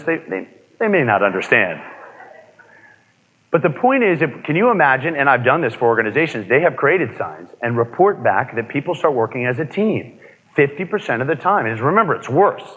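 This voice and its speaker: Energetic man seminar speaker, lively pitch. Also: husky. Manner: energetic, asks the room questions, repeats key points. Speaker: motivational speaker. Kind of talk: live seminar talk to an audience. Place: seminar room with an audience. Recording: dull lo-fi audio with long reverb.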